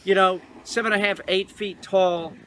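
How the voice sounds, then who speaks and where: A man telling a rambling, halting confessional story outdoors, repeating himself and growing distraught. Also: high voice, fairly even intonation. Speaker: man in a confessional video clip. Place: outdoors in a dry creek bed. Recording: noisy outdoor video clip.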